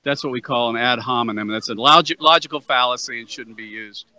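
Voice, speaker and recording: A man's voice: mid-range voice, a little fast, pushed and bright, dry recording, rough recording. A man interviewing passersby on a university plaza as a street activist, asking persistent, probing questions and stumbling over repeated words.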